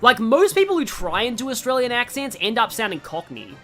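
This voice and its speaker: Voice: mid-range voice, very animated, brisk, bright, forceful tone, faint music behind. A let's player giving casual, rambling gameplay commentary full of digressions.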